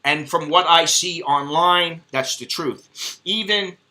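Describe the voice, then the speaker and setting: A man's voice: fairly high pitch, slow, pushed and bright. An American man ranting bluntly and profanely in a casual vlog monologue. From United States. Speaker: expat vlogger.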